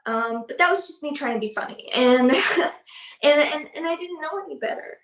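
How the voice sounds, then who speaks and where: Brash young influencer, high, slangy, put-on accent, roomy echo; a woman plays her. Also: animated, normal speed, distant mic. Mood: apologetic. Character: brash 22-year-old female social media influencer. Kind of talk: student theatre acting, live-stream monologue.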